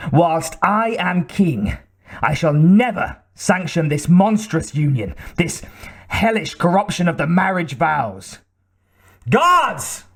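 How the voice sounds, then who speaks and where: A man voicing a frightened old king who speaks in a shrill, quavering voice. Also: very animated, slow, exaggerated voice. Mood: furious. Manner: shrill, shaking outbursts.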